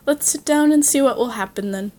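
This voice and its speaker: A woman's voice: high voice, a little fast, dark tone, voice pushed up, close to an everyday voice. A woman reading the lines of a troubled old merchant father in a storybook tale, in a heavy, grave way.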